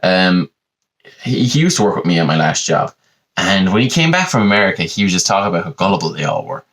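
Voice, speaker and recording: Rambling Irish man with lively pitch. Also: quick pace. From Ireland. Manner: digressive, full of "you know" asides. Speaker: podcast host. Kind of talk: rambling comic monologue.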